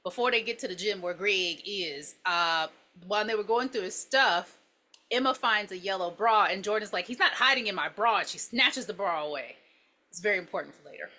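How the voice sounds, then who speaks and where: A woman's voice: medium pitch, normal speed, pushed and bright. A woman co-hosting a podcast who talks casually and gives blunt, opinionated takes with free swearing. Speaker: podcast co-host. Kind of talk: casual movie review chat.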